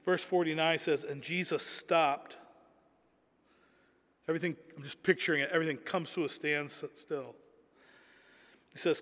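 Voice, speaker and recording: A man's voice: a little high, fairly even intonation, normal speed, pauses often, fairly bright tone, in a large hall. A man preaching a sermon in an earnest, emphatic way, often repeating words as he builds a point.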